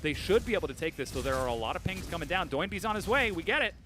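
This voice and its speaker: A man calling live esports play-by-play, rapid and building to excited bursts on big plays. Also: sits high, music in the background.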